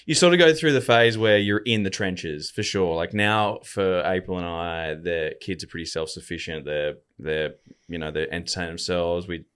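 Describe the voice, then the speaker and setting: A man in his thirties with a lowish voice, talking over family life in a laid-back, reflective way. He is a guest on a casual podcast. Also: moderate pace, fairly bright tone, clean tone. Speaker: podcast guest, father of two.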